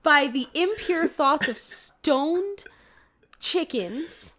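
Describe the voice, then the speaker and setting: A woman co-hosting a loose podcast conversation. Her voice sits high and swings widely in pitch, and she talks at an unhurried pace. She rambles and keeps dissolving into giggles. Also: animated, pushed and bright. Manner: giggly, rambling, frequent laughter. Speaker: podcast co-host. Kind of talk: casual chat.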